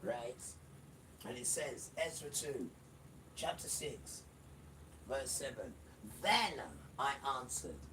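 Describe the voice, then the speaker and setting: A man's voice: medium pitch, big pitch swings, takes it slowly, background noise. A man preaching an emphatic livestream sermon, repeating phrases and speaking straight to the listener. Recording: distant mic with loud music behind.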